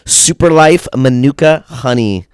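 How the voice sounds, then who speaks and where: A man co-hosting a casual podcast, hoarse from a cold, with a raspy deep voice and a teasing, laid-back manner. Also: expressive, unhurried, no echo. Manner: teasing, laid-back, says "dude" and "dog". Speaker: podcast co-host. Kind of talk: casual chat.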